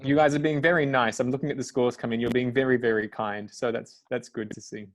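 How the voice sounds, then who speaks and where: A man's voice: medium pitch, steady tone, quick pace. Chatty man hosting a webinar. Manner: upbeat, chatty moderator with fillers. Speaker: webinar host. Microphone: video call.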